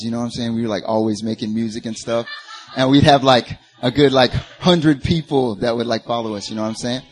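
A man's voice: mid-range voice, darkish tone. A young man from North Carolina with a Southern accent, giving a chatty, joking talk to a church group full of fillers. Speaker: guest speaker. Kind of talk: casual church talk and spoken word.

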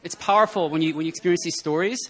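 A man speaking at a prayer meeting, telling personal testimony stories in an animated way and often laughing. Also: on the high side, rapid-fire. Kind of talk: testimony sermon.

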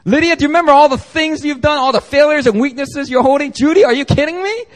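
A man's voice: extremely high pitch, quick pace, pitched above the performer's own voice. A man voicing a scornful male devil who mocks and belittles the listener in a sermon. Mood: sneering. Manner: mocking, belittling.

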